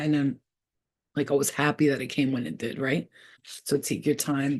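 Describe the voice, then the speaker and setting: A middle-aged woman chats through a spiritual card reading. She is animated and full of slang, and she laughs often as she talks. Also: sits low, normal speed. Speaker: tarot reader. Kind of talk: casual spiritual reading chat.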